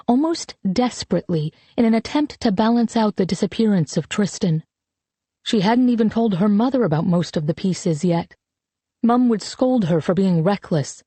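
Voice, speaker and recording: Woman reading an audiobook, warm mellow voice, dry close mic, steady pace. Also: medium pitch, no echo. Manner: steady, measured storytelling. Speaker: audiobook narrator. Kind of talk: scripted narration.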